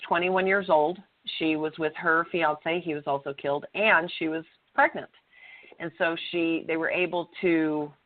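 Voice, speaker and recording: Middle-aged woman co-host, earnest and emphatic, a bit low-pitched, heard through a tinny phone-like line. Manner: earnest, emphatic storytelling with occasional swearing. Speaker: podcast co-host. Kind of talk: conversational podcast talk. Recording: phone-like narrow sound.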